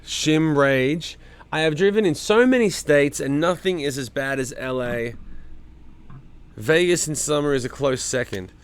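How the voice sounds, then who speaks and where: A middle-aged man runs a loose livestream from his home, reading viewer comments, addressing people by name and swearing freely. His voice sits on the high side and comes across unhurried and smooth.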